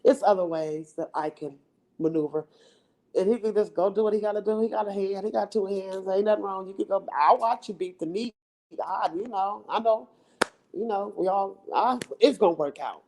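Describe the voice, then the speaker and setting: A woman's voice: medium pitch, normal speed, background noise. A woman vlogger chatting casually and playfully to her viewers into her phone, laughing often as she teases.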